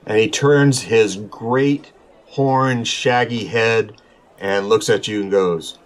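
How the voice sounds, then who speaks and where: A man hosting a role-playing podcast, narrating as game master with frequent filler pauses. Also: lowish voice.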